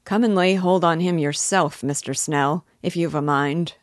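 A sullen, defensive villager grumbles back, as a woman reader plays him. The voice is low and muttering. The reading is dry and close. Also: a little slow, dry recording.

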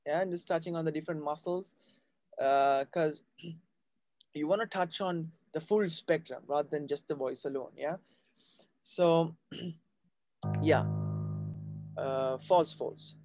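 Male voice coach for a live class; slow, patient, slightly high voice, dry sound. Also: over music. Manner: patient, checks in often with "right?".

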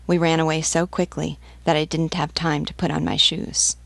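A woman reading the part of a bewildered young peasant mother who answers in a halting, stammering way. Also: low voice, level tone, creaky, dry recording.

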